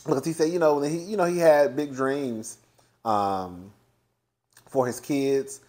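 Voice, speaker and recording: A young man gives a sassy, chatty commentary reviewing a reality TV show, swearing freely and laughing often. His medium-pitched voice is a little slow with a darkish tone.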